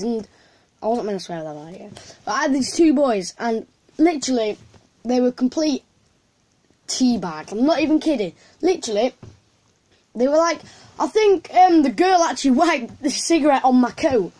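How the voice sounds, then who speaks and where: A woman's voice: high voice, animated, normal speed, darkish tone. A woman, casually telling a story to camera in a rambling way with lots of fillers and restarts.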